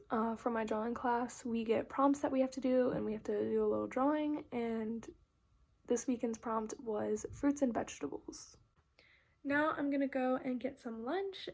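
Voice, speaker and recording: This young adult woman, an art student, has a high voice with a darkish tone. In casual vlog chat she recounts her week, rambling along with plenty of "like" fillers.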